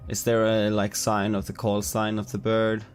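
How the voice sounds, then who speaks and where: A man playing a tabletop game, speaking in a hesitant, halting way as he describes his character's actions. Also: fairly low pitch, monotone, clean tone. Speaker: player. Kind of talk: casual in-character play.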